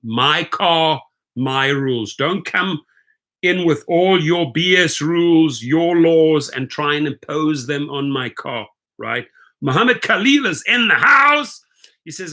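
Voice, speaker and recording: A man hosting a video, reading viewer comments aloud and reacting in a blunt, animated, emphatic way with some profanity. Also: fairly high pitch, unhurried. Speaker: host.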